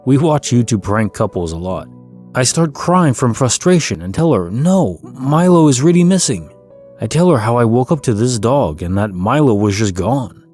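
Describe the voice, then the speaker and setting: Calm low-voiced man reading sleep stories. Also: normal speed. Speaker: storyteller. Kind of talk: calm scripted sleep-story narration. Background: faint background music.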